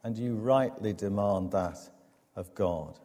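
A preacher delivers a sermon in a slow, emphatic cadence, pausing for effect between phrases. His voice sits low and mellow. It rings with the long reverb of a church hall. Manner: measured, emphatic preaching with dramatic pauses.

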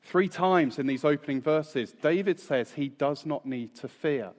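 Man preaching slow and steady, leans hard on key words, long hall echo behind him. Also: fairly high pitch. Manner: measured, emphatic, slows for key phrases. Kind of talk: sermon. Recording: long reverb in a large hall.

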